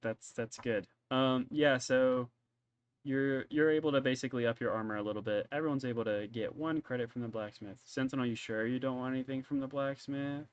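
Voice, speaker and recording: A man's voice: mid-range voice, steady tone, fairly quick, smooth, dull audio. A man narrating as game master in a tabletop game, casual and rambling, often stumbling over his words.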